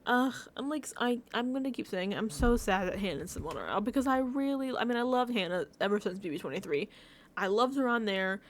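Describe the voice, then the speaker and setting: Gushing, lively higher-voiced woman vlogger. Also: fast talker. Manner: effusive, emotional, filler-heavy with frequent "like"; laughs between phrases. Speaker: TV recap vlogger. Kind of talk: casual reaction recap.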